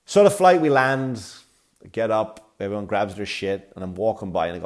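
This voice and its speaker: A man, a comedy podcast host from Ireland, telling a sarcastic, profane travel story with animated delivery. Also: on the low side, normal speed. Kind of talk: comic storytelling.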